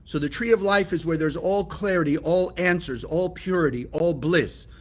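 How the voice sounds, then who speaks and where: A Kabbalah teacher from California, a man with a slightly high voice speaking at normal speed, teaches a spiritual lesson. He is emphatic and often asks his listeners rhetorical questions.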